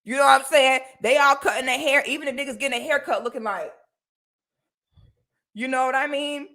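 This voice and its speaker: A woman telling a personal story on a livestream in a casual, animated, slangy way. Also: high voice, fairly quick.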